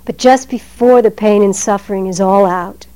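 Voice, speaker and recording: A woman giving a Zen dharma talk in a measured, emphatic way, letting her phrases trail off softly. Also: mid-range voice, clear, resonant tone, poor audio.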